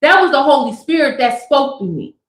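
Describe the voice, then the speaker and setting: Upbeat woman tarot reader, high voice, emphatic, echoey room, livestream chat. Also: very animated. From Southern California. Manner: emphatic, repeats "tap in" and "y'all"; slows way down for emphasis. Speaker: tarot reader and spiritual speaker. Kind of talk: casual livestream talk with tarot.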